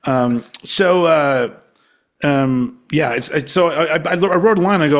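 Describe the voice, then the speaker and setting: A man from Texas co-hosting a podcast, chatting casually with a rambling, swearing delivery that sometimes trails off quietly. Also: on the high side, measured pace. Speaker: podcast co-host. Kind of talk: casual chat.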